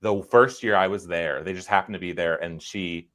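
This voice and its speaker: Deep-voiced man telling a relaxed story. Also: moderate pace. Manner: relaxed, rambling anecdotal storyteller. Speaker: young adult novelist and podcast co-host. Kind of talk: casual panel chat on a livestream.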